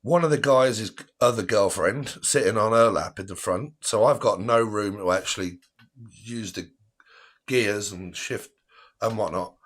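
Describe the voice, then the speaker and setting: Casting note: English bloke, lowish voice, slangy, rambling, profane storyteller hosting a live stream. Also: male voice, unhurried. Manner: swearing, laughing, slangy, rambling. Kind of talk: casual storytelling.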